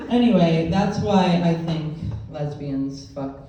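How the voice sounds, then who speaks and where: A woman's voice: low-pitched, takes it slowly, highs cut off. A woman performing a stand-up comedy set, playful and laughing between punchlines. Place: live comedy venue. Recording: echoey room, distant mic, loud noise.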